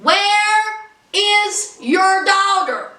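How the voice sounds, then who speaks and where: A woman's voice: very high-pitched, animated, extremely slow, sharp tone, distant mic. A woman recapping a reality show in a sassy, dramatic, gossipy way, full of "honey" and "child". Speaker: reality TV reviewer. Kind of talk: casual gossipy recap commentary. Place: home. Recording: echoey room, voice a bit off-mic.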